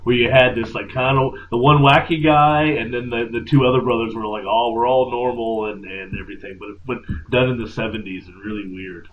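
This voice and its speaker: A man's voice: medium pitch, fairly even intonation, fairly quick, hardly any pauses. Brief: man, mid voice, laid-back rambling podcast co-host, dull sound, faint hiss. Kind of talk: casual chat.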